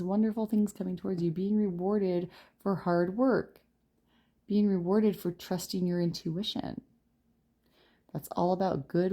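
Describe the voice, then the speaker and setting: A woman's voice: on the low side, mellow. A woman giving a chatty pick-a-card tarot reading, tired and yawning, joking at her own slips and laughing often. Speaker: tarot reader.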